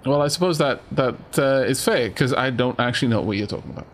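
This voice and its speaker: A man's voice: mid-range voice, lively intonation, fast talker, few pauses, slight background noise. A young man casually commentating a game, playful and self-deprecating, stammering through asides. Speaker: let's play host.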